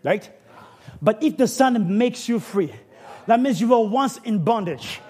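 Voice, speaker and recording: A man preaching a sermon, with dramatic swings that build up to shouting. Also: high voice, animated, unhurried, breathy edge.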